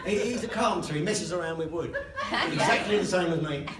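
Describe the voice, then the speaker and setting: An older man gives a father-of-the-bride speech at an indoor reception, talking fast in a high voice over a noisy crowd. He tells self-mocking jokes and laughs between lines, and the recording sounds distant, noisy and echoey.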